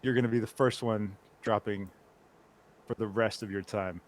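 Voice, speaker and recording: A man's voice: on the low side, steady tone, moderate pace, lightly acted. A man playing a stern military officer who gives curt commands.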